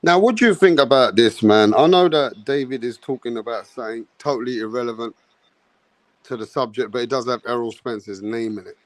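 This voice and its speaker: A man's voice: mid-range voice, fairly quick, no echo. A man hosting a live boxing talk stream, blunt and swearing, teasing a chat member.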